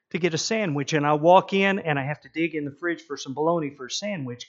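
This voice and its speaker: A man's voice: a little high, quick pace, few pauses, highs cut off. A middle-aged man, preaching a sermon and telling stories with acted-out voices. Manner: animated storytelling, acting out voices. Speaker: pastor.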